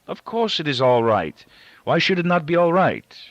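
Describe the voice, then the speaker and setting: A frail, anxious gray-haired father, as a male narrator puts him on, soft and a little husky. He picks his words formally and pauses over them. The take sounds dull and dry. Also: medium pitch, very animated, no room sound, pitched above the performer's own voice. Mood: anxious, soothing. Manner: formal, careful phrasing with hesitations.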